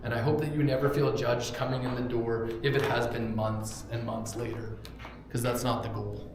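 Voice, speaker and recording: A male pastor preaching a casual, joking sermon in a church, with props and sudden bursts of loud emphasis. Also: medium pitch, level tone, normal speed. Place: church sanctuary. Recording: very echoey room, faint background hum.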